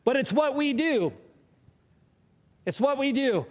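A man in his thirties preaching a sermon in a conversational, animated way, acting out little quotes as he goes. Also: very high voice, slow, long pauses. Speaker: pastor. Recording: long reverb of a large hall.

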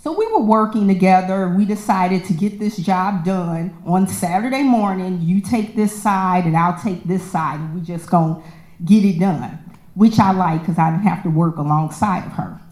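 A woman telling a personal story in a casual, lively way, acting out the voices of the people in it. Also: on the low side, normal speed. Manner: animated, acts out quoted voices, laughs often. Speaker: storyteller sharing a personal testimony. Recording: echoey room.

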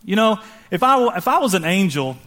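A man's voice: high-pitched, very animated, brisk, bright, forceful tone. A man preaching a sermon, telling the story animatedly, slipping into casual slang and acting out the voices of the people in it. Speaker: pastor.

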